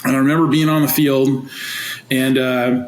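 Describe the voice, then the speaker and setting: A man in his forties, a teacher and coach, telling stories in an animated, chatty way with lots of fillers. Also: mid-range voice, moderate pace, crowd noise. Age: 40s. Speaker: teacher and football coach, guest. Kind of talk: casual storytelling interview. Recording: roomy echo, faint noise.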